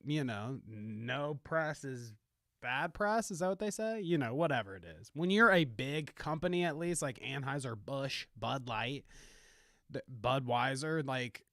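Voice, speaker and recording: A man's voice: mid-range voice, expressive, measured pace, a bit bright, no room sound, clean studio sound. A man hosting a live morning talk show, chatting casually and rambling with fillers. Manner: laid-back, rambling, with filler words. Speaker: host.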